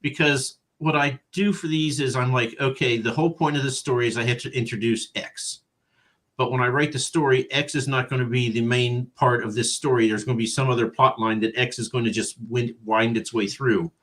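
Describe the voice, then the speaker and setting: Self-deprecating man telling animated stories. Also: medium pitch, a little fast. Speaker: podcast co-host and author. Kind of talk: casual chat.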